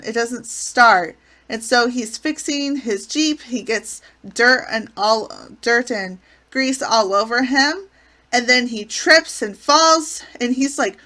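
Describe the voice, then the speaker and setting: A woman's voice: on the high side, bright, forceful tone. A woman hosting her channel, recapping sitcom episodes in an enthusiastic, gushing way. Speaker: channel host reviewing a classic sitcom.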